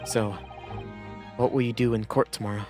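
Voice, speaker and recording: A man's voice: mid-range voice, flat delivery, moderate pace, music in the background, close to an everyday voice. A man voicing a polite, earnest young woman assisting a lawyer, reading a game's dialogue formally.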